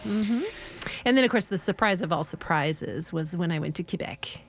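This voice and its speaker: A woman, a French teacher, chatting as a guest on a radio show and telling stories with a lively, laughing manner. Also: lowish voice, moderate pace. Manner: chatty storyteller, laughs often. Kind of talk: casual radio interview chat.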